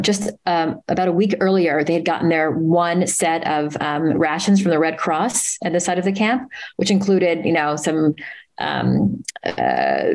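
A woman guest at a live talk, earnestly retelling a story with many pauses and restarts. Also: lowish voice, darkish tone, poor audio. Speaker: author and interview guest.

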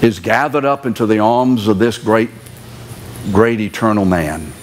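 This seventies-aged man has a lowish, unhurried voice with slight background noise. Preaching in church, he drives his point home by repeating key words and firing questions at his listeners.

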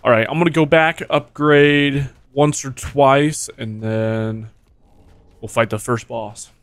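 A man's voice: mid-range voice, takes it slowly, smooth, dry recording. A young man streaming a video game, talking casually to his viewers, swearing a lot and yelping when things go wrong. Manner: excitable, swears often, jumps to yelps when hit. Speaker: gaming streamer. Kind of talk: casual gameplay commentary.

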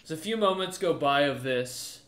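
A man's voice: on the high side, animated, moderate pace, fairly bright tone, reverberant. A man narrating as game master, rambling along with many fillers and self-corrections.

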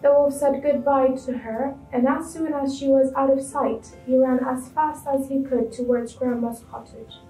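High-voiced woman reading a children's story. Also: moderate pace, echoey room, far from the mic, soft background music, rough recording. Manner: clear expressive storybook reading. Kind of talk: children's story read aloud.

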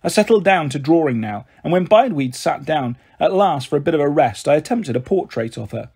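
Man narrator for a kids' book, husky, fairly high, steady and expressive. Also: brisk, few pauses. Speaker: storyteller. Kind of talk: reading a children's book aloud.

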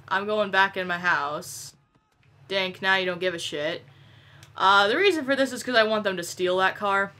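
A young woman giving casual, excitable gameplay commentary, swearing and laughing often. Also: mid-range voice. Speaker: gameplay video creator.

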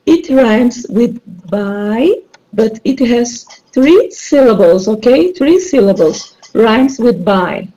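A woman leads a rhyming word game as an online teacher. She speaks slowly in a mellow, warm voice, repeating clues with patient encouragement. The recording sounds dull and lo-fi. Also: on the high side, animated.

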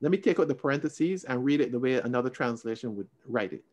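A man teaching a Sunday school Bible lesson over a video call, expressive and emphatic, shifting between raised stress and quiet asides. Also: mid-range voice, fast talker, hardly any pauses.

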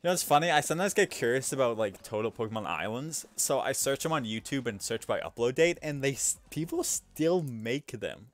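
A young man streams himself gaming and chats casually about it, mocking himself, laughing at his own moves, and lurching from mumbles to loud outbursts. His medium-pitched voice is expressive and a little fast, with hardly any pauses.

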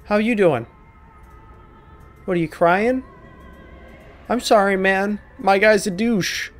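Faint music sits behind a high-pitched man talking slowly as he hosts a horror game let's play. The gaming video host chats with the characters, teasing them, cursing, and pretending to apologize.

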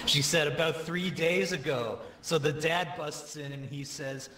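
A man telling dark jokes in deadpan delivery over game voice chat. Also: a little high, a little slow. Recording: echoey, distant, noisy mic.

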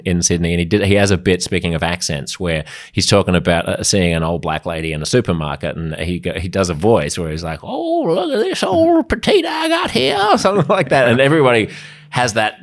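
A middle-aged man hosting a podcast interview, articulate and animated in casual talk. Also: deep voice. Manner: articulate, animated, quick to laugh. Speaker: podcast host.

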